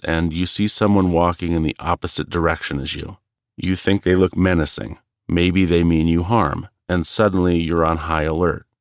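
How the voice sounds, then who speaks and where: A man with a very low, deep voice hosts a solo podcast. He talks in a calm, measured and earnest way, and the recording is dry and close. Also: no echo. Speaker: podcast host. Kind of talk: reflective solo podcast narration.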